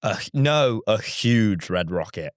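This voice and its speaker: Animated man telling a story. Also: on the low side, slow, no room sound, clean studio sound. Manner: animated, giggly, exaggerated. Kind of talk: comic storytelling.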